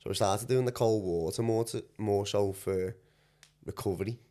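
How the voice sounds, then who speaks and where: A young man chatting on a podcast in a low voice. He rambles through his stories with lots of slang, quick laughs and loose, unfinished sentences. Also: mellow. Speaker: podcast guest, breathwork coach. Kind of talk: casual chat.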